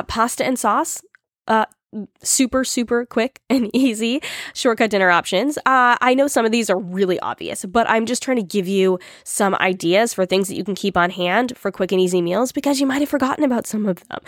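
A woman's voice: fairly high pitch, dry recording. Chatty woman with a dry, close sound. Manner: chatty, upbeat, with small laughs and fillers. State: morning voice. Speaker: podcast host. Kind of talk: casual solo podcast talk.

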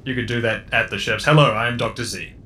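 A man's voice: mid-range voice, quick pace, sharp tone, a little hiss or hum, natural voice. A man voicing an awkward, formal alien doctor who speaks hesitantly.

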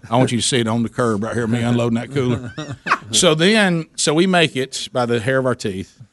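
A man's voice: mid-range voice, brisk, a bit bright, a little hiss or hum. A middle-aged man, hosting a radio talk show and telling a story, acting out the dialogue with big jumps in voice.

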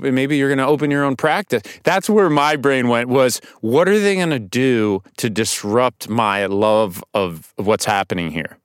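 Actor guest, mid pitch, smooth resonant voice, dry studio sound, tells stories loosely with lots of restarts. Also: male voice, dry recording. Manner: animated storytelling with restarts and swearing. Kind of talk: casual podcast conversation. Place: podcast studio.

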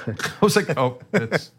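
A middle-aged man talking politics with a co-host in a loose, chatty way. His pitch swings widely as he gets animated, and he slips into little voices to act out what others said. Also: slow, slightly rough. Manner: animated, acts out quotes. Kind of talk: casual political chat.

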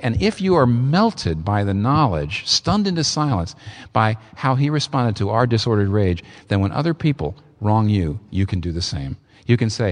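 A man preaching a sermon, emphatic and expressive, with sudden leaps in pitch for emphasis. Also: normal speed, long reverb tail. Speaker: pastor.

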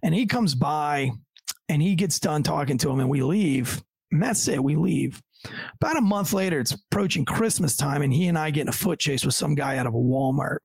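A man who works as a police officer tells a story in a casual, profane way and acts out what other people said. His voice is gravelly and a little husky, and he sits a bit high in pitch. The recording is close and dry. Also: lively intonation, fairly quick, no echo. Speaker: police officer telling a story as podcast guest.

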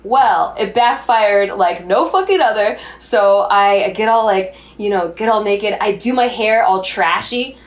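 A woman's voice: mid-range voice, a little slow, hardly any pauses. A young adult woman co-hosting a podcast, telling a candid story in casual chat and swearing freely. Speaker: podcast co-host.

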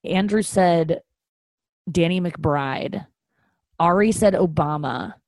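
A woman's voice: on the low side, slow, a little mellow, dry recording. A woman hosting a podcast, talking in a casual confessional way, rambling with many fillers and restarts, candid and self-mocking. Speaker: podcast host.

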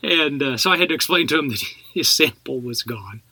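A man's voice: mid-range voice, lively intonation, fairly quick, sharp tone, husky, no echo. A middle-aged man from Texas, an actor guest telling anecdotes in a casual podcast chat, laughing as he talks.

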